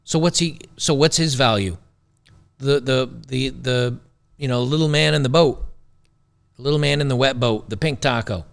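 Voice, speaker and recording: A man hosts a talk show and picks apart a video clip in a blunt, sarcastic, rambling way. His mid-range voice carries a gravelly fry throughout. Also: mid-range voice, normal speed. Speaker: show host. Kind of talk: commentary reacting to a video clip.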